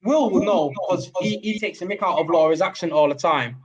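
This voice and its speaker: A man's voice: high-pitched, a little fast, muffled recording, over a noisy crowd. A man with a Manchester accent, co-hosting a podcast as a father, telling stories in casual chat and laughing often.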